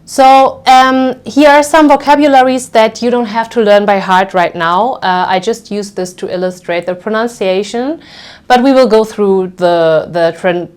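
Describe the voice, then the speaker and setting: A woman gives a pronunciation lesson with a mid-pitched voice. She takes her time, drawing each sound out so it can be copied. She keeps checking in with her students. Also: darkish tone. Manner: patient, explains slowly with frequent "okay?" checks; demonstrates sounds by stretching them out. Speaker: language teacher.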